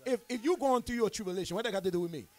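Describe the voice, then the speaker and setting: Man preaching in a high voice, emphatic, streetwise. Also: very fast, a little mellow. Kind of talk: sermon.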